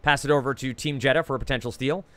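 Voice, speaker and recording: A man with a New Jersey accent hosting a trivia quiz over a video call, reading each clue twice and scoring answers in a brisk, chatty way with frequent "uh"s. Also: mid-range voice, steady tone, fairly bright tone, a little hiss or hum.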